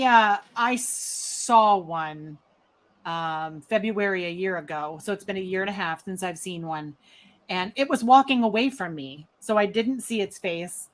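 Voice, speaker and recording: A woman co-hosting a casual chat, telling her own story with lively acted-out quotes. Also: mid-range voice. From Catskills, New York. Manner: animated storyteller, acts out quotes. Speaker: co-host.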